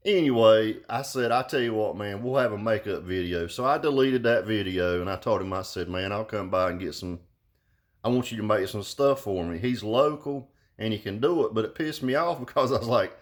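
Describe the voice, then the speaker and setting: A man's voice: mid-range voice, a little fast. Cussing older man ranting. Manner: loud, cussing, mocking, laughs often. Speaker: car audio vlogger. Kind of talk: profane ranting vlog. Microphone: phone at arm's length.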